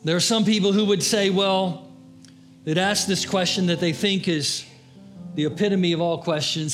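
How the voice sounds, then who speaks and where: A man preaching a sermon as a pastor, impassioned, swinging between raised appeals and hushed, low pleas. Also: steady tone, moderate pace, soft background music. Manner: impassioned preaching, rising and dropping to hushed tones.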